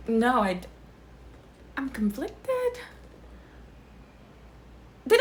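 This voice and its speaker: Blunt, animated young woman reacting. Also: a little high, slow pace, long pauses, a little hiss or hum. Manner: blunt, expressive, swears freely. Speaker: reaction video host. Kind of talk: casual reaction chat.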